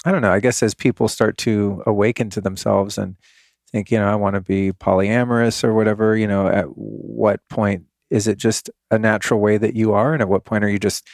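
This is a male podcast host with a fairly low voice. He muses reflectively and fills his thoughts with small asides, and the recording sounds dry and close. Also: fairly even intonation, fairly quick, vocal fry, darkish tone, dry recording. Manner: reflective, thinks aloud with many "you know"s. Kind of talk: casual podcast interview.

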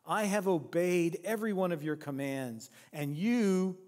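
A preacher doing an indignant older son. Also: male voice, high-pitched, unhurried, darkish tone, big-room sound. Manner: indignant, protesting. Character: resentful dutiful older son.

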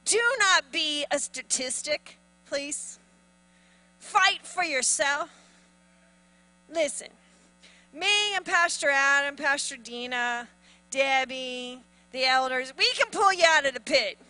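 A woman pastor preaching with a high, very bright voice. She is animated and acts out little voices as she preaches. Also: slow pace, no echo, rough recording. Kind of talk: sermon.

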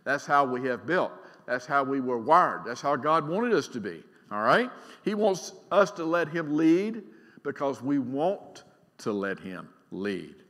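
A middle-aged man preaching a sermon as pastor. He is emphatic, swings between loud and quiet, and keeps asking the congregation questions. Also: medium pitch, sing-song, measured pace. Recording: long reverb of a large church hall.

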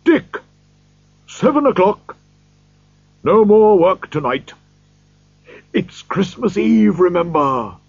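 Brief: jolly old merchant, hearty and booming, lively pitch, put on by a man; lo-fi audio. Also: slow pace, vocal fry, long pauses, breathy edge, no echo, exaggerated voice. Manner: rich, hearty, loud. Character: jolly, stout old merchant, a kind boss. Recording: dull lo-fi recording.

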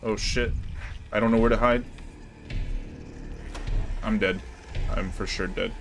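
A man's voice: fairly low pitch, fairly even intonation, slow pace, faint music behind. A man commenting casually as he plays a game, with a sarcastic, jokey and profane way of talking. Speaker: gamer playing through a game. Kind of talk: casual let's-play commentary.

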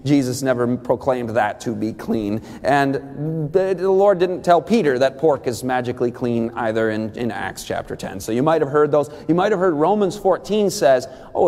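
Animated high-voiced man preaching. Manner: animated, rising sharply when excited, with quick asides and restarts. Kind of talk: sermon-style teaching talk. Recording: long hall reverb.

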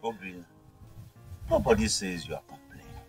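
A middle-aged Nigerian man acting in a film drama as a calm father, encouraging his son. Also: high-pitched, moderate pace, gravelly, heavily acted. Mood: reassuring. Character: steady middle-aged village father, reassuring. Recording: distant mic with faint music.

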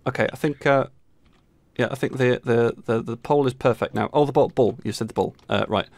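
Gravelly, wry man. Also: medium pitch, fairly quick, dry recording. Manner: dry, wry remarks. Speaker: gaming channel co-host. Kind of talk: casual gameplay chat.

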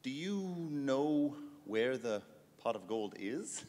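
A man's voice: mid-range voice, very animated, takes it slowly, a little mellow. A man performing a comic stage sketch, boastful and teasing. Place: conference hall stage. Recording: live stage mic in a hall.

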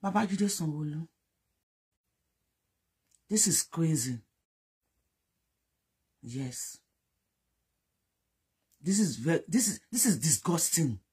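Yoruba-accented political commentator, very husky and rough, fervent and accusatory, repeats for emphasis. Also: mid-range voice, animated, takes it slowly, long pauses, a little mellow. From Nigeria. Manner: fervent, accusing, switches between English and Yoruba.

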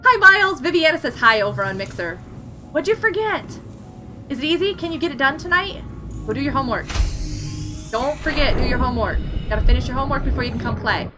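A young woman streaming gameplay, excitable and giggly as she exclaims over what she finds. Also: high-pitched, quick pace. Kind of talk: live gameplay commentary. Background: game music.

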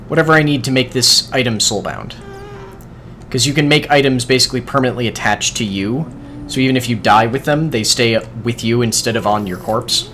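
A man gives casual let's-play commentary while he plays, excitable and quick to swear as he talks to the game's creatures. His pitch swoops up and down all the time. A faint hiss of noise sits under the voice. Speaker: gaming video host.

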